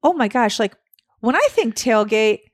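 A woman co-hosting a podcast, chatting excitedly with many fillers about a trip. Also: fairly high pitch, moderate pace, no room sound, studio quality. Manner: chatty, gushing, lots of fillers. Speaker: podcast co-host. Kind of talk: casual travel chat.

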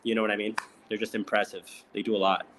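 A man's voice: lowish voice, flat delivery, quick pace, fairly bright tone. A man, a reality show contestant, chatting casually in an interview, laughing often and filling his talk with "like". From Indian heritage.

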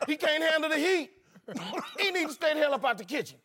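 A man's voice: very high voice, animated, quick pace, sharp tone, full character voice. An actor playing a brash older uncle and ladies' man, rambling and boastful. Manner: rambling, boastful, preachy asides.

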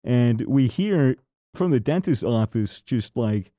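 A man's voice: medium pitch, animated, slow pace, mellow, no room sound. Casual swearing man telling stories. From United States. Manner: storytelling with lots of swearing and acted quotes. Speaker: podcast co-host. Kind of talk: casual chat.

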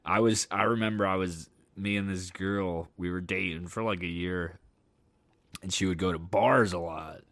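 A young man with a lowish voice talks straight into a dry, close mic. He hosts his own podcast and tells frank, cursing stories about dating. When he retells the fright, he climbs high and loud. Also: moderate pace, no echo. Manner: candid and profane, animated when retelling a scare. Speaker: podcast host. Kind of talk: casual storytelling monologue.

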